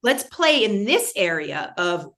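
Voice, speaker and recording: A woman talks in a lively, rambling way, full of restarts and side remarks. She chats casually as a guest in an interview. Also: mid-range voice, measured pace. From New York, born in Baltimore. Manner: animated, digressive, many restarts and asides. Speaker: guest performer.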